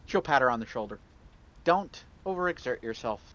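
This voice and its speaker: A man's voice: mid-range voice, expressive, a little fast, bright, forceful tone, muffled recording. A man playing in a tabletop game, chatting casually and describing his character's actions. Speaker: player.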